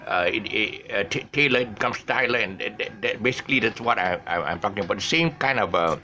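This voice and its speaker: Speaking quickly in a lowish, bright voice with a forceful tone, this older man runs his own online show. His casual talk to camera is full of restarts and self-corrections, and he laughs at his own mistakes. There's a faint hum of background noise.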